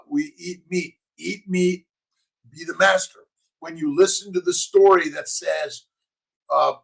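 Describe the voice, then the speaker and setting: A middle-aged physician hosting a casual morning livestream, preaching in punchy slogans and answering chat comments. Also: male voice, high voice, vocal fry, a bit bright, slightly rough, rough recording.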